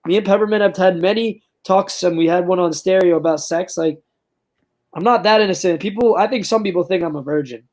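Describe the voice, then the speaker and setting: Earnest young man, slightly high voice. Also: brisk, a little mellow. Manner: earnest, enthusiastic, uses filler words like "like" and "um". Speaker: guest. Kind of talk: casual interview chat.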